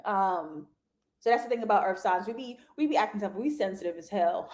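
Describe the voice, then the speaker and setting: A woman's voice: mid-range voice, lively intonation, a little fast. A young woman hosting a live TV review show, chatting casually to viewers with slangy asides and frequent laughter.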